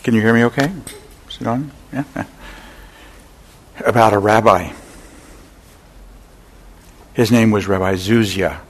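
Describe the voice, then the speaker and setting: An older man giving a dharma talk as a meditation teacher, an unhurried storyteller who pauses often. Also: on the low side. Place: meditation center hall.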